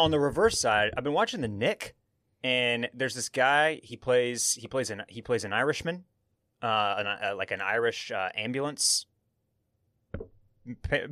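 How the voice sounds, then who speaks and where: A man's voice: medium pitch, moderate pace, fairly bright tone, dry recording. A man hosting a podcast in a studio, chatting casually and enthusiastically, rambling and restarting his sentences. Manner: rambling, restarts often, enthusiastic about shows. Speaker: podcast host.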